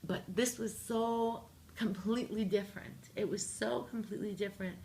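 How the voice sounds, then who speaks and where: Gravelly-voiced woman telling a funny story. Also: mid-range voice, normal speed, a little hiss or hum. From Canada. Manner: animated, jokey, acts out her own lines. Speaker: interview guest, singer-songwriter. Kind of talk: casual storytelling interview.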